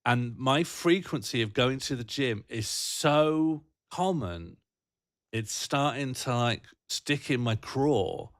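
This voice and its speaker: A man's voice: medium pitch, expressive, slow pace, no room sound, studio quality. A British man hosting a livestream, chatting casually and reading out viewer comments in a rambling, jokey, self-mocking way. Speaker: livestream host.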